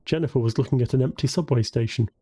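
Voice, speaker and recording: Male narrator, audiobook, mellow dark tone, husky, calm and measured. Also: mid-range voice, dry recording. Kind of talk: scripted narration.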